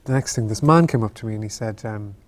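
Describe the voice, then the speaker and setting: Halting, thoughtful man telling a story. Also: on the low side. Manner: halting, thoughtful, circles back on words. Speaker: actor as interview guest. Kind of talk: Q&A interview, reflective storytelling.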